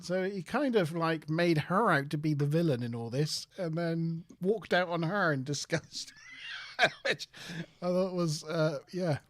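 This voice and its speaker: A man's voice: on the high side, measured pace. A man co-hosting a casual chat, recapping an episode with dry sarcasm. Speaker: podcast co-host.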